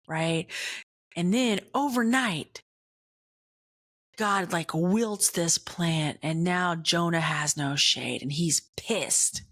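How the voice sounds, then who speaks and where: A woman podcast host telling a candid personal story, animated and blunt, with casual swearing and constant "right?" check-ins. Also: lowish voice, slow pace.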